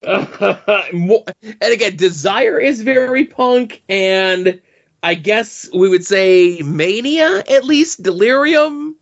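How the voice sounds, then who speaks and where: A man with a slightly high voice talks through comic book panels on a podcast. He speaks in a measured way, thinking aloud as he goes. The sound is muffled and lo-fi. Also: animated, vocal fry. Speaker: podcast co-host. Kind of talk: casual comic book chat.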